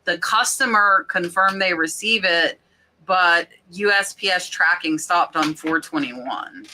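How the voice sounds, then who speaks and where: A woman's voice: lowish voice, unhurried, pushed and bright, a little hiss or hum. A woman hosting a casual podcast chat, reading out viewer questions with lots of "um" and "like.". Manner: chatty, many fillers like "um" and "like".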